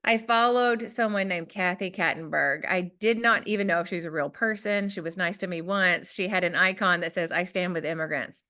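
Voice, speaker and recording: Southern lady guest spinning a story, bright lively voice, jokes on herself. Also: mid-range voice. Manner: animated, self-deprecating storytelling with quoted voices. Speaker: guest author. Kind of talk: storytelling in a podcast interview.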